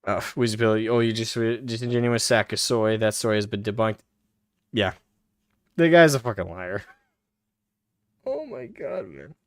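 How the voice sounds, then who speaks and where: A man's voice: lowish voice, normal speed, pauses often, no echo, studio quality. A male live-stream host reacting to a clip, profane and mocking, laughing often as he talks.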